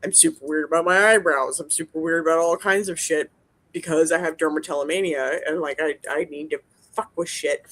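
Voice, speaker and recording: A woman's voice: deep voice, steady tone, brisk, a bit bright. Sweary woman rambling on a podcast, blunt, keeps restarting her sentences. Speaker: podcast co-host, dental hygienist. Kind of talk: casual chat.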